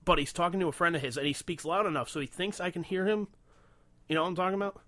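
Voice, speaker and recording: Young guy co-hosting a podcast, kinda high voice, swears a ton, rambles and restarts, dry close mic. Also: fast, bright, forceful tone, no echo. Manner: profane, rambling storytelling with many restarts. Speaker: podcast co-host. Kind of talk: casual chat.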